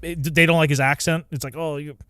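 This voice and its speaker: A young man co-hosting a casual chat, relaxed and rambling with many fillers. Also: on the high side, fast, no room sound, clean studio sound. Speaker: podcast co-host. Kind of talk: casual comic book discussion.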